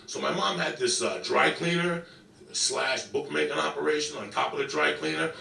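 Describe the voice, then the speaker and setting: A brash man spins a foul-mouthed comic story. His voice is high and gravelly. It comes from a clip that sounds echoey and far from the mic. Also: normal speed. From New York. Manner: brash, swearing constantly, animated. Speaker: stand-up comedian. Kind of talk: profane comedic storytelling. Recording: echoey clip picked up from afar.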